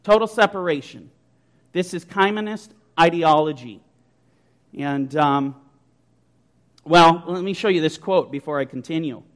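Forceful high-voiced male preacher. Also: a little slow, long pauses. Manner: forceful, emphatic preaching with rhetorical questions. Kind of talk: sermon.

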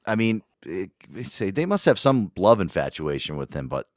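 A man's voice: low-pitched, sing-song, normal speed, dry recording, studio quality. A man hosting a radio call-in show, chatting casually with loose, profane banter.

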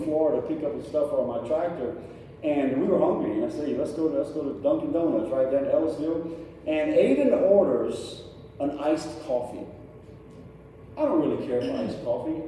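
A man's voice: on the high side, dark tone, slight background noise. A middle-aged man preaching a sermon as pastor, speaking conversationally and asking the congregation questions. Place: church sanctuary. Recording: echoey hall from far off.

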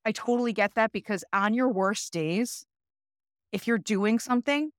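Woman, podcast co-host, chatty, profane, mid-pitched, dry close sound. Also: moderate pace, dry recording. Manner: chatty, swears freely, quotes people in voices. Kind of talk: casual chat.

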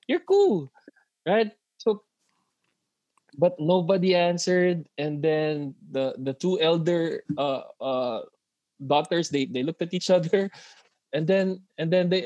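A man who is a father of daughters, co-hosting a casual podcast chat and talking in halting bursts with many restarts and self-conscious laughs. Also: high voice, darkish tone, no room sound. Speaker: podcast co-host.

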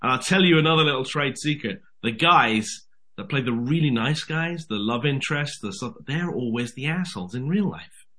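Lively British actor with a bright voice. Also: male voice, mid-range voice, normal speed. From Britain. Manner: animated storyteller, says "mate". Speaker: actor guest. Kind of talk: casual interview chat.

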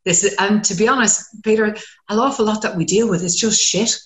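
A woman's voice: mid-range voice, brisk, echoey room. A woman, a community counsellor talking frankly in casual chat and swearing when she gets worked up. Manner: frank and animated, swears freely.

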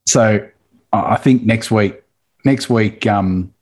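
A man's voice: on the low side, slow pace, darkish tone, poor audio. A man co-hosting a casual podcast, telling stories with enthusiasm and chuckles. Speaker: podcast co-host.

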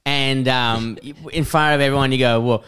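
A young man co-hosting a casual podcast, telling animated, sweary stories. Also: mid-range voice, normal speed, smooth. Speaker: podcast co-host. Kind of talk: casual chat.

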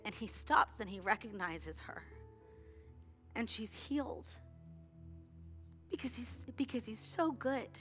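A woman in her thirties speaks from the front of a church in a bright, fairly high voice. Her delivery is heartfelt and halting, with frequent restarts, while soft music plays underneath. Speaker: worship leader. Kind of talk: sermon-style worship talk.

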